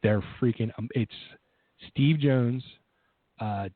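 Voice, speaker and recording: A man with a South Philadelphia accent hosting a radio interview over a remote line, enthusiastic and quick to laugh. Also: mid-range voice, no room sound. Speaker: radio show host. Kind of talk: casual interview chat. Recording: tinny remote phone line, dry.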